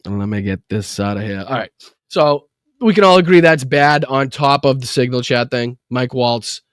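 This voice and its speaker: A man's voice: mid-range voice, moderate pace, clean tone, no echo. A man hosting a live political commentary stream, reading headlines and breaking off into sarcastic, profane asides. His voice sits in the ordinary middle range. The mic is close and the sound is dry. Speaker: political livestream host.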